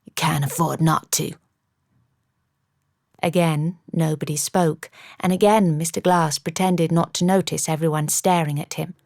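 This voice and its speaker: A woman narrates a first-person novel as an audiobook, telling the story in a measured, wry manner close to the mic. Her voice is fairly low and a little mellow, with no echo.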